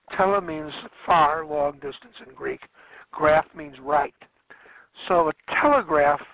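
A man's voice: on the high side, a bit bright, a little hiss or hum, low-quality recording. A man lecturing a class on history, rambling along and correcting himself with frequent fillers.

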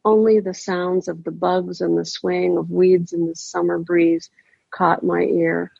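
A woman reads a first-person story in a measured, deliberate way. Her voice is deeply gravelly and husky, and she sits a little low in pitch. The recording is dry and dull, with a lo-fi sound. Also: little pitch movement, darkish tone, dry recording.

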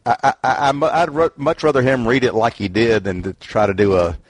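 A man chatting casually in a book discussion, halting and repeating himself, often trailing off with "and stuff.". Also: mid-range voice, fairly even intonation, slightly rough, dry recording. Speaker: book club member.

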